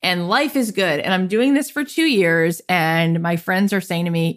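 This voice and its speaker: In an interview, a woman in her thirties guests on a podcast and tells the story of her life, acting out the remarks people made to her with lively animation. Her pitch is fairly low, her pace moderate, with few pauses.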